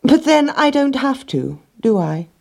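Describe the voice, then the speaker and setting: A woman's voice: sits high, very animated, measured pace, gravelly, dark tone, voice pushed up, full character voice. A sly know-it-all rat, as a woman puts him on. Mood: smug. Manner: smug, knowing. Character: sly clever male rat, self-serving.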